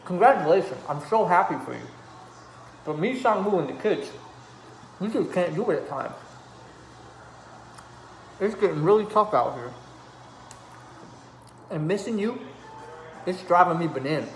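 A man's voice: sits high, animated, normal speed, long pauses, reverberant, slight background noise. A man sending a joking, melodramatic video message to a friend, pleading for him to come home. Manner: melodramatic, joking, trails into laughter. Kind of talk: mock-dramatic video message.

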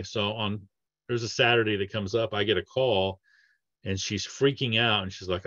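A man's voice: lowish voice, fairly even intonation, normal speed, fairly bright tone, dry recording, muffled recording. A man, a dentist, talking through patient cases in a casual training presentation, with lots of fillers and restarts. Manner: conversational, with many fillers and restarts. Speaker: dentist giving a training webinar.

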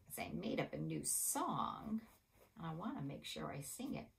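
A woman hosting a children's storytime, reading a picture book aloud in an animated, coaxing sing-song way. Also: sits low, moderate pace, gravelly, a little hiss or hum.

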